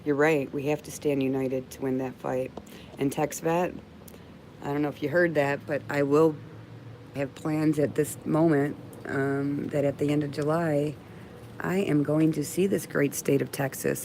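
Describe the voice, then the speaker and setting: In a rough recording with a little hiss or hum, a middle-aged woman with a low voice chats on a livestream. She answers viewer comments warmly and sincerely, calling them babe, in a casual style.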